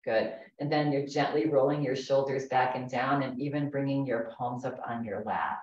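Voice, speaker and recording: A woman instructor leading a chair yoga class, calm and gentle, giving slow breathing cues. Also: very deep voice. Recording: echoey, distant, dull room recording.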